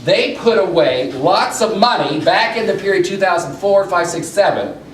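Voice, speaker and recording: Middle-aged male lecturer, hurried and excitable, lively high voice, recorded from afar in an echoey room. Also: a little hiss or hum. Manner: hurried, excitable, many restarts. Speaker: political science lecturer. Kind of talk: animated public lecture. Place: breakfast meeting room. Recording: echoey room, mic far off.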